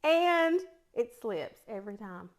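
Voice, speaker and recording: Chatty East Tennessee woman, higher voice. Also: very animated, unhurried. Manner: chatty storyteller, laughs often. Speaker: cooking vlogger. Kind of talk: casual chat while cooking.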